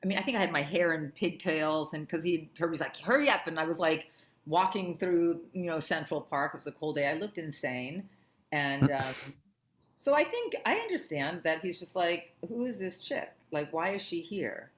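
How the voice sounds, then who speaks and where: A middle-aged woman tells a story as a podcast guest, her lowish voice swinging widely as she acts out what others said. The sound is roomy and echoey around her. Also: moderate pace. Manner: acts out quotes in lively voices. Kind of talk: animated storytelling. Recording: echoey room.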